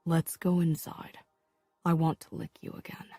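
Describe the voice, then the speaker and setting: Hushed, raspy young male lover, as a woman narrator voices him, low and intimate. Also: completely flat delivery, a little slow, no room sound, soft background music. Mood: hushed, intense. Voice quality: rough, raspy murmur. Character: young adult man, rough-voiced, intense and possessive lover.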